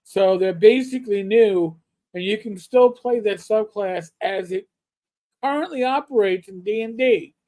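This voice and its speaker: A man's voice: high voice, a little slow, dark tone. A middle-aged man co-hosting a casual gaming livestream, reading quotes aloud with wry asides. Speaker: podcast co-host.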